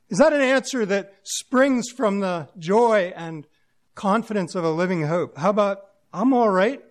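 A man with a high voice preaches a sermon to a congregation. He talks in a plain-spoken, musing way and leans on homely everyday examples.

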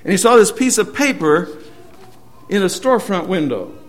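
A man preaching a sermon, earnestly retelling a story and often letting his sentences trail off softly. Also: high voice, expressive, normal speed.

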